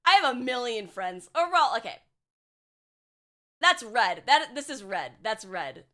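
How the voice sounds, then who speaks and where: A woman's voice: on the high side, big pitch swings, measured pace, pushed and bright. A young woman streaming as a VTuber, chatting casually and bluntly with her chat, swearing and sarcastic, full of filler words.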